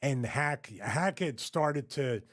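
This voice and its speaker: A man's voice: medium pitch, slow pace. A man casually telling an old wrestling road story, laughing often as he goes. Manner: laughing, animated anecdote telling. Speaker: retired wrestler guest.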